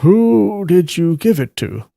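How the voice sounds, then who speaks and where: A man voicing a kindly, calm elderly master who speaks softly and gently. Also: sits high, slow, creaky, no echo, voice pushed up, full character voice. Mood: curious. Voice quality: soft, gentle.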